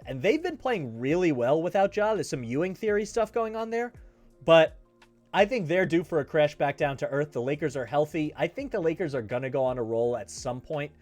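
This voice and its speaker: A man's voice: on the high side, darkish tone, no room sound. Man, sports betting host, casual, emphatic, repeats for stress, dry sound. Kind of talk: casual betting picks talk.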